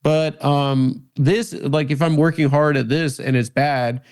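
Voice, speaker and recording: A man in his thirties, a comedian guest in a casual interview, talking in halting starts with lots of fillers and self-mockery. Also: a little high, steady tone, a little mellow. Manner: halting, many restarts and "like" fillers, self-deprecating. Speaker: comedian and podcast host, guest.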